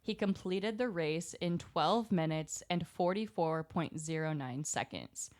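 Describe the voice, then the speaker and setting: A woman's voice: on the low side, unhurried, a little mellow. Chatty, jittery woman podcast co-host. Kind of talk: casual chat.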